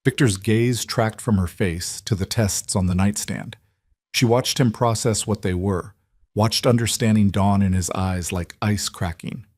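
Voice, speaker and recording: A man giving measured, scripted audiobook narration of a romance story. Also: lowish voice, a little mellow, no room sound, studio quality.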